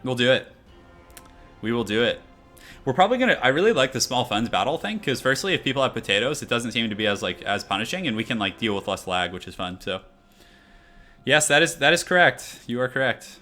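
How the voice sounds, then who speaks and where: A man's voice: medium pitch, sing-song, a little fast, pushed and bright, faint music behind. A young man casually commenting on his live game stream, chatting loosely and answering chat as he goes. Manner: chatty, reads chat aloud, many fillers.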